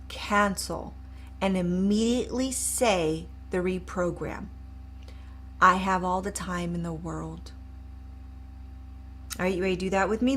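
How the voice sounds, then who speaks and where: A middle-aged woman coach who speaks straight to her viewers with upbeat encouragement and leads a short eyes-closed exercise in a softer voice. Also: medium pitch, a little hiss or hum. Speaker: mindset coach. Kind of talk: live coaching demonstration.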